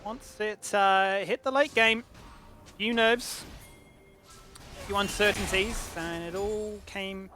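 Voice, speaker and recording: High-voiced man calling esports. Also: slow, pauses often, faint music behind. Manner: animated play-by-play calling. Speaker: esports caster. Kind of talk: esports commentary.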